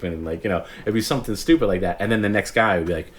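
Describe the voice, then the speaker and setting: A man in his forties with a low voice hosts a late-night livestream. He talks in a loose, meandering way, restarting his sentences and acting out remembered callers as he goes. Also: very fast, few pauses. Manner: rambling, self-interrupting storyteller who acts out quoted callers. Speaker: stream host.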